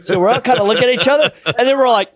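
A man's voice: extremely high pitch, very fast, no echo, studio quality. A man co-hosting a podcast, a former Marine telling rambling, profane stories. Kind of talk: casual chat.

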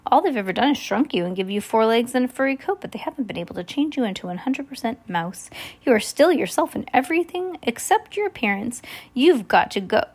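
A woman reading aloud as an elderly grandmother who is shrewd and excitable, speaking with eager urgency. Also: a little high, fairly quick. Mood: explaining.

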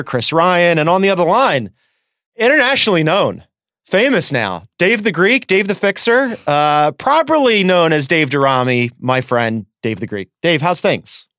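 A man's voice: a little high, sing-song, a bit bright, no echo. A man hosting a sports podcast in a studio, talking casually and laughing easily. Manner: chatty, laughs easily, quick asides. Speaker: podcast host.

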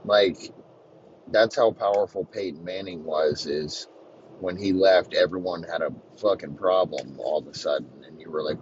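A man's voice: low-pitched, normal speed, muffled recording, a little hiss or hum. A man hosting a podcast, delivering a profane, rambling comedic sports rant. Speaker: podcast host.

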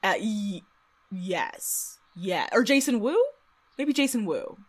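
A woman's voice: mid-range voice, expressive, slow pace. A woman co-hosting a casual chat about a TV show, blunt and sassy, swearing freely and filling her talk with "like". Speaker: podcast co-host.

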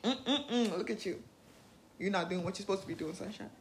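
A woman's voice: mid-range voice, brisk, a little hiss or hum, natural voice. A woman voicing her inner critic, a sassy, nagging part of herself that teases her bluntly and crudely. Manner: blunt, teasing, profane.

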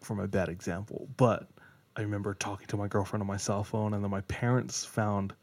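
A young man in casual podcast chat, rambling through a teenage story and laughing often along the way. His voice sits a little low, and his manner is easygoing and chatty. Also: level tone, fairly quick, darkish tone. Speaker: podcast co-host. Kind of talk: casual chat, personal anecdote.

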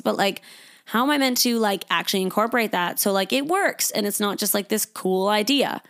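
A young woman hosting a casual solo podcast, talking freely and swearing, who often acts out her own inner thoughts in a higher voice. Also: a little fast, a bit bright. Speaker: podcast host.

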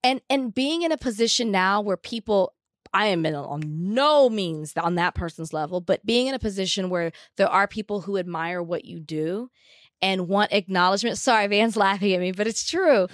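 A woman's voice: medium pitch, normal speed, no echo, studio quality. A woman co-hosting a casual talk show, telling a personal story in an earnest, emphatic way. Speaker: co-host. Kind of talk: casual chat.

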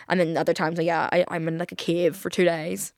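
A woman's voice: on the low side, little pitch movement, a little fast, creaky, loud music behind the voice. A young woman hosting a podcast, chatting casually and confessionally, rambling with lots of fillers and casual swearing. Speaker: podcast host.

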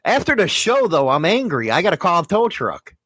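A man's voice: high voice, sing-song, brisk, a bit bright, breathy edge, no room sound, clean studio sound. A man co-hosting a casual podcast, rambling and making crude jokes. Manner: joking, rambling, bawdy. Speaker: podcast co-host.

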